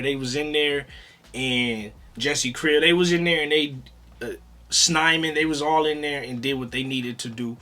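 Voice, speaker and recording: A man giving a casual, animated review, talking in slang, repeating himself and swearing. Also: mid-range voice. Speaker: reaction video reviewer.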